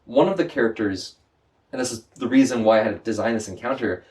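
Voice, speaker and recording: A man as a podcast guest, a Dungeon Master telling an animated, excited game story with lots of quick restarts. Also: medium pitch, far from the mic.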